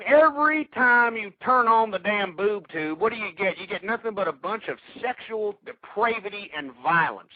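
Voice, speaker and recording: Angry high-voiced man ranting on radio. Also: no room sound. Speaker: radio talk show host. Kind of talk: political talk radio rant. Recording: tinny phone-like radio audio.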